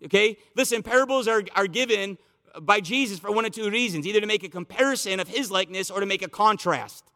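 A man's voice: sits high, fast talker, bright, forceful tone, in a large hall. A man preaching an expository sermon, explaining the text in a conversational teaching manner and building to emphatic repeated phrases. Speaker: pastor.

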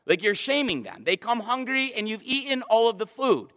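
A man's voice: very high-pitched, sing-song, moderate pace, fairly bright tone. A man preaching a sermon from a church stage, speaking with passionate emphasis. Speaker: pastor. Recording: long hall reverb.

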